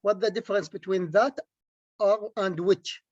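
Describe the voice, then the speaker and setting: A man's voice: high voice, steady tone, moderate pace, no room sound, highs cut off. A man learning English in an online class, asking a hesitant question. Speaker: English student.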